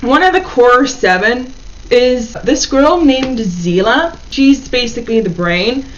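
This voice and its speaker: A woman's voice: on the high side, lively intonation, slow pace, dull audio, slight background noise. A chatty woman giving a casual book review and often saying "like".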